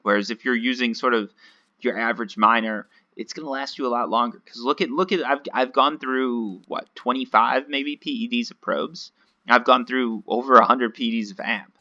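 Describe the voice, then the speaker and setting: A man's voice: medium pitch, moderate pace, bright, forceful tone, dull audio. A man giving casual, rambling, self-mocking commentary while playing a video game. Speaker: gaming video host.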